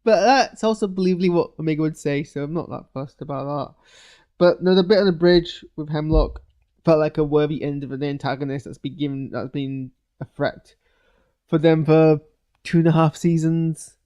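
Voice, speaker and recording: A man talks through a show he has just watched in an unscripted live reaction. He rambles, restarts his sentences and leans on fillers, then breaks into excited bursts. His voice sits a little high but sounds mellow and soft-edged. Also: moderate pace, smooth. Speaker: video reviewer.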